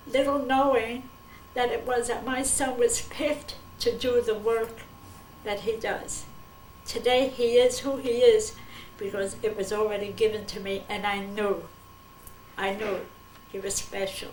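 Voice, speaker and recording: An older woman in a documentary interview, telling a personal story slowly and earnestly and acting out the dialogue. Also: fairly high pitch, level tone, darkish tone, slight background noise. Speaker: interviewee, mother of the subject. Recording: echoey room from a distance.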